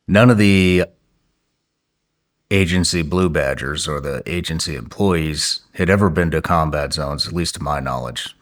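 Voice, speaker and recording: This is a man with a very deep voice, speaking as a podcast host. He tells his war stories in a blunt, matter-of-fact way and swears casually. The tone stays conversational throughout. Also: a bit bright.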